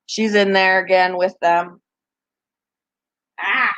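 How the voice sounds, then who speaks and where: A woman's voice: mid-range voice, steady tone, slow, fairly bright tone, rough recording. Woman rambling to her viewers about baby pets, gushy, laughs a lot. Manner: chatty, gushing, laughs often. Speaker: pet channel host. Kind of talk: casual live chat to viewers.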